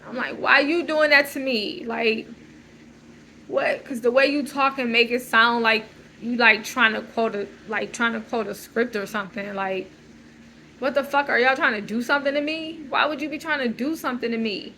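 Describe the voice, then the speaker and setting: A woman's voice: a little high, moderate pace, pushed and bright, slight background noise, poor audio. A woman in an unscripted emotional monologue, rambling and agitated, repeating "like" as she talks. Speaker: vlogger.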